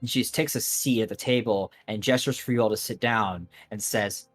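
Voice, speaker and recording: A man narrating a tabletop game as game master, describing scenes in halting bursts full of restarts. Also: fairly low pitch, breathy edge, faint music behind. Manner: halting, many restarts and fillers while describing.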